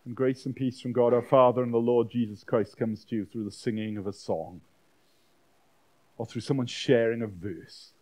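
A man preaching a sermon as a pastor, swinging from loud dramatic outbursts to quiet, intimate lines. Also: medium pitch, fairly even intonation, normal speed. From Wales. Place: church weekend-away gathering.

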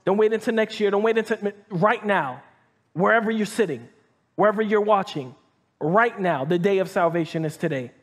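A man with a high, light voice preaches to a live congregation in easy, conversational speech. He breaks into scripture readings, then stops to comment, often restarting his sentences and tossing in "right?" to the room. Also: normal speed. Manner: reads scripture aloud and comments between verses. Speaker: pastor. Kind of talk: sermon. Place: church hall with live audience.

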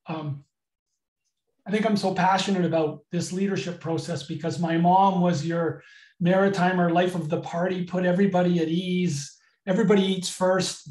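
A man from Canada leading a live leadership training webinar in a candid, energetic way, over a video call. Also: high-pitched, echoey room, far from the mic, rough recording. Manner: energetic, candid, gets emotional.

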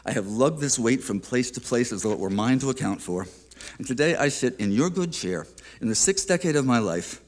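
A man giving a poetry reading at a museum, introducing his poem in a reflective, unhurried way with small hesitations, then reading it aloud. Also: medium pitch, a little mellow. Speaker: featured poet. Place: live reading in an art museum.

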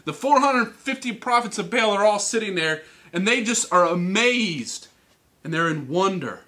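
Man, youth sermon, high voice, bright and forceful, animated storytelling. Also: normal speed. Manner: animated, acts out characters, teasing. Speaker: youth speaker. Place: church hall.

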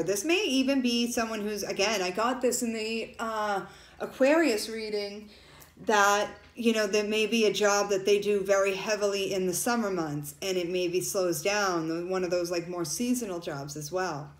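A woman's voice: mid-range voice, echoey room. A woman doing a casual tarot reading for viewers. She talks loosely and emotionally and turns tearful at times. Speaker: tarot reader.

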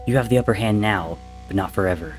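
A man's voice: on the low side, fast talker, faint music behind, natural voice. A man voicing a cornered male trickster god in a dramatic story reading, defiant but rattled and pleading. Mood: desperate.

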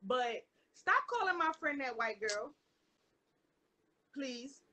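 A woman's voice: sits high, animated, slow, sharp tone. A woman, chatting bluntly and profanely as co-host of a live podcast. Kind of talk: casual chat on a live stream.

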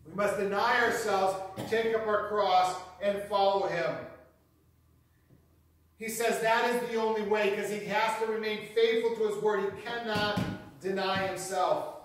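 A man preaches a sermon with an earnest, emphatic teaching manner, driving key phrases home by repeating them. His voice sits fairly high. He is heard from a distance in a large, very echoey church hall. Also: steady tone, measured pace, a bit bright. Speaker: pastor. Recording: very echoey hall, mic far off.

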